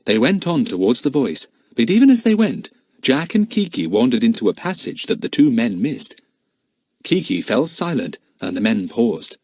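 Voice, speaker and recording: A man narrating a children's adventure audiobook in a lively, expressive reading. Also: mid-range voice, moderate pace, no echo. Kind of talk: storybook narration.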